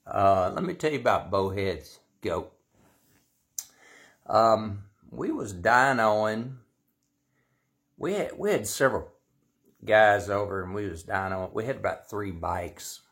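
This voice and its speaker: Slow gravelly drawling man. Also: on the low side, expressive, a bit bright. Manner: slow, drawling, rambling with many fillers. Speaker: storyteller, shop owner. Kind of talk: casual storytelling.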